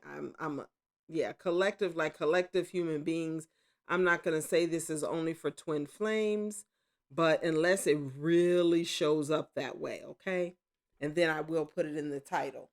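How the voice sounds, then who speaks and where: A woman giving a casual tarot reading at home, rambling and correcting herself, with excited exclamations. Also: low voice, normal speed. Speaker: tarot reader.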